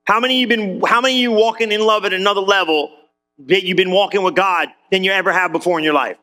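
Male pastor, sermon in church, very high voice, bright tone, casual, urges the congregation on. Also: fairly even intonation, quick pace. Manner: conversational, urging the congregation with repeated "come on".

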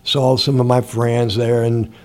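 A man's voice: medium pitch, level tone, measured pace, a little mellow. An older man from Indiana, telling stories from his life in a rambling, casual way and chuckling often. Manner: rambling, chuckles often, acts out quoted people. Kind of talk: casual storytelling.

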